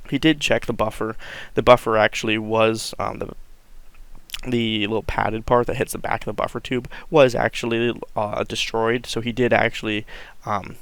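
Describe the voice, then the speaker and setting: A man tells a long story in a casual, rambling way, stopping for fillers and restarts and acting out quoted lines. His voice is gravelly yet smooth. The recording is dry, with no room sound. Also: medium pitch, a bit bright, no echo. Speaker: vlogger telling a story.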